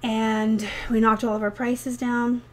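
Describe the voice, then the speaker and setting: A woman's voice: fairly high pitch, flat delivery, takes it slowly, a little hiss or hum. A woman, talking chattily and sarcastically to viewers in a rambling vlog about her reselling business. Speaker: eBay reseller vlogger. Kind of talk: casual vlog talk.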